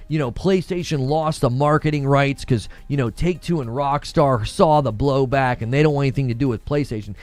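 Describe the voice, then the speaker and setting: A man's voice: a little high, a little mellow, no room sound. A man hosting a gaming live stream, giving heated, emphatic commentary and repeating phrases for effect. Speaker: gaming channel host.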